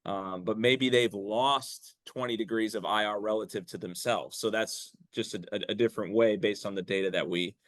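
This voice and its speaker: A man's voice: on the low side, steady tone, normal speed, few pauses, dry recording. A man answering as a coaching guest, analytical, often restarting and repeating words. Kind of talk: interview answers.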